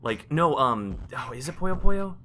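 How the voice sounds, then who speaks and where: A man co-hosting a podcast in casual chat, excitable and rambling, restarting his sentences often. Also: a little high, a little slow, a little hiss or hum. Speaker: podcast co-host.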